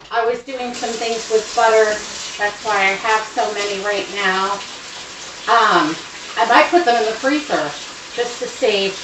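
A woman's voice: mid-range voice, a bit bright. A woman in her home kitchen, chatting casually and rambling with fillers as she cooks. The room sounds roomy and echoey, and she stands a little back from the mic, with a faint background hum. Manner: rambling and thrifty, lots of fillers and asides. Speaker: home cooking vlogger. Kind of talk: casual kitchen how-to chat. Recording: roomy echo, distant mic, faint noise.

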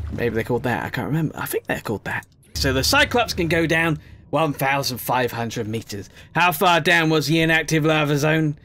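Rambling, self-mocking gamer. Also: male voice, a little high, fairly bright tone, slight background noise. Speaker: gaming YouTuber. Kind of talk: casual gameplay commentary.

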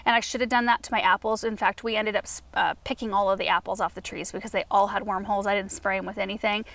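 A woman's voice: medium pitch, steady tone, quick pace, vocal fry, fairly bright tone. A woman hosting a gardening show, answering viewer questions in a casual, chatty way with lots of fillers. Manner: chatty, explains with many fillers. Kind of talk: casual Q&A chat. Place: at home.

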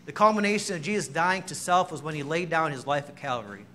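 Man, preacher, sermon, self-mocking storyteller, high voice, bright tone. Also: fast talker, a little hiss or hum. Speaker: pastor. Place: church sanctuary.

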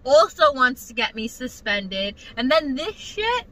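A young woman vlogger telling a work story to her mother in casual, animated, profane talk. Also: sits high, a little slow, low-quality recording.

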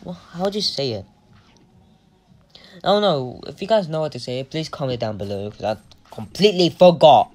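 A young gamer giving casual, excitable commentary on play, swearing often and breaking into silly singing. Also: mid-range voice, normal speed, long pauses. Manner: excitable, swears a lot, sings and squeals. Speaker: gameplay commentator.

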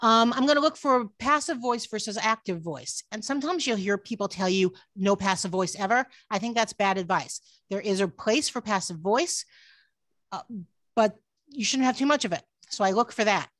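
A woman's voice: on the high side, expressive, normal speed, fairly bright tone, dry recording. A woman book editor giving an online workshop talk from home over a video call, earnest, often restarting her sentences with "um"s. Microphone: computer mic on a video call.

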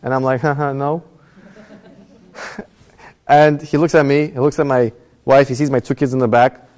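A man's voice: medium pitch, flat delivery, measured pace, a little mellow. A young adult man telling a personal story in a Torah class, his voice rising as the story gets tense. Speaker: rabbi giving a Torah class. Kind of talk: storytelling lecture.

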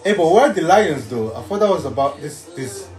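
A man's voice: a little high, sing-song, brisk, darkish tone. Upbeat young man hosting a reaction. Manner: upbeat, jokey, talks over the film. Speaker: channel host reacting to a film. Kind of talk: casual reaction chat. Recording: echoey room with film music behind.

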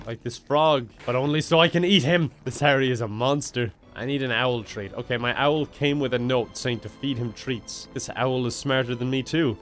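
Young Irish gamer, sarcastic and self-mocking, mid-range voice, swears freely. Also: male voice, medium pitch, moderate pace, hardly any pauses. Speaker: gaming video host. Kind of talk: comedic let's-play commentary.

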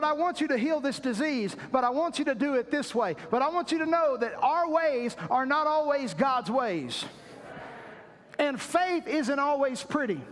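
A man's voice: very high-pitched, fairly bright tone, long reverb tail. A man preaching a sermon as pastor, dramatizing quotes with repeated, emphatic phrases. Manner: preaching with acted-out quotes and repetition.

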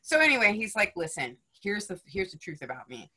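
A woman, a podcast guest, telling a story in casual chat, animated and blunt, swearing freely and tagging lines with "right?" and "you know?". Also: medium pitch, brisk, husky.

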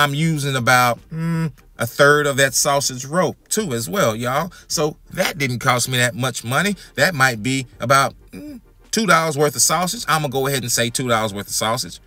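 A man's voice: mid-range voice, pushed and bright. A man hosting a home cooking demonstration in his kitchen, talking folksy and calling his viewers y'all and family. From Texas. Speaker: home cooking channel host.

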